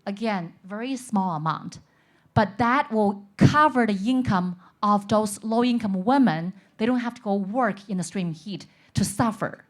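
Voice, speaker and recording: A woman's voice: mid-range voice, unhurried. Earnest woman from China on a panel. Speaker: panelist, insurance expert. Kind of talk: conference panel talk. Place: conference stage.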